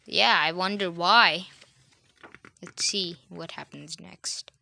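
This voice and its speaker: A woman's voice: on the low side, slow, gravelly, sharp tone. A woman reading a children's storybook aloud, adding chatty asides to the listener.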